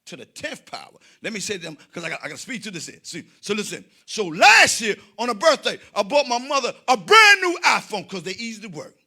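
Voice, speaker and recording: A man doing a stand-up comedy set, loud and preacher-like, with dramatic swings between shouting and quiet asides. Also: high voice, big pitch swings, fairly quick, few pauses.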